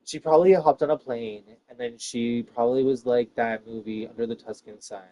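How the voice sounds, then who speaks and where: A man ranting to his viewers in a rambling, profane monologue, swinging between loud bursts and hushed asides. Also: mid-range voice, fairly even intonation, brisk.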